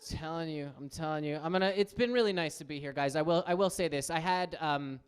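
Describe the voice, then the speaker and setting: A man in his thirties doing a stand-up comedy set on a club stage, telling animated stories and acting out the people in them. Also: fast, clean tone. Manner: animated storytelling, acts out quotes in higher voices.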